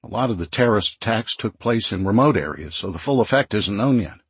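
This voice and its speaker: A man's voice: on the low side, expressive, a little fast, breathy edge, no echo, heavily acted. A man voicing a friendly small-town minister in an audiobook, earnest and reassuring.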